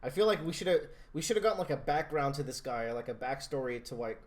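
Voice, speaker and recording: A man co-hosting a podcast, chatting casually with animated opinions and frequent restarts. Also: mid-range voice, fast, a crowd in the background. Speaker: podcast co-host. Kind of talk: casual chat.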